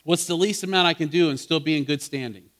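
A man's voice: on the high side, fast talker, fairly bright tone. A man preaching in a conversational way, asking his listeners questions and building to fervent emphasis. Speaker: pastor teaching a Bible study. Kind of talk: interactive sermon.

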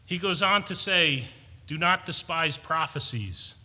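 A man's voice: fairly high pitch, animated, unhurried, bright, forceful tone, in a large hall. A man preaching a sermon, earnest and storytelling, building to emphatic points. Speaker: pastor.

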